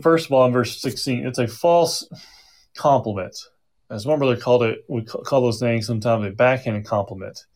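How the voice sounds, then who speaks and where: A middle-aged male pastor leading a Bible study sermon, conversational with frequent restarts and asides. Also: medium pitch.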